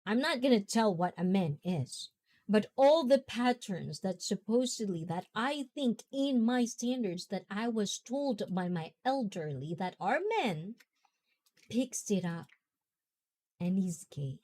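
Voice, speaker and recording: A young woman speaks in an easygoing, rambling way, laughing often as she hosts a casual talk. Her voice is soft and mellow in tone. She takes her time and never rushes. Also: medium pitch, expressive. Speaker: host.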